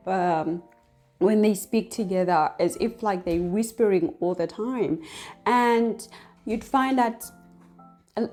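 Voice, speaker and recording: A woman hosting an astrology talk, explaining in a casual, chatty way with many fillers. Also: medium pitch. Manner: chatty, many fillers, acts out whispered and shouted examples. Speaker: astrology channel host.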